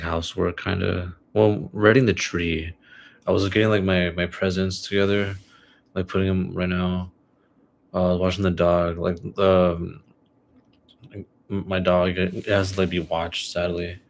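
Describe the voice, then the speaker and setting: A young man talks alone into his podcast mic, rambling about his week and his game picks in a relaxed, halting way full of fillers. His voice sits low and barely moves in pitch. A faint hum of room noise runs underneath. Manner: rambling, filler-heavy, laid-back. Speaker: podcast host. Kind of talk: casual solo podcast chat.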